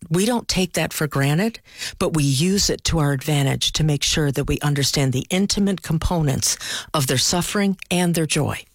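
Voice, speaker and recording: A woman's voice: fairly low pitch, no room sound, clean studio sound. A middle-aged woman who works as a palliative care clinician, speaking as an interview guest and telling stories with earnest animation. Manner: earnest storyteller, animated, acts out quoted voices.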